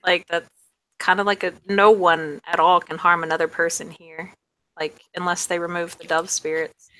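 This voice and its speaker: A woman's voice: fairly low pitch, flat delivery, normal speed, bright, forceful tone, a little hiss or hum, rough recording. A woman voicing a brash, foul-mouthed young woman in a tabletop game, blunt and rambling. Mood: explaining.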